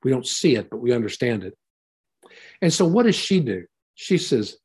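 A man's voice: mid-range voice, very animated, normal speed, pauses often, a little mellow, husky. A man teaching a Bible passage in a conversational sermon, retelling and explaining it in a folksy way.

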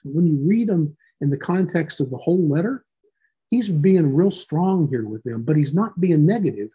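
A man leading a Bible study class, reading verses aloud and explaining them in a relaxed, conversational way. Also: a little high, slightly rough. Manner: relaxed, explanatory, reads scripture aloud then unpacks it.

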